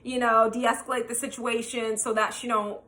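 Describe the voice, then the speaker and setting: A calm, controlled man explaining things in a quiet, measured voice, as a woman quotes him. His delivery is even and low-key, never rushed.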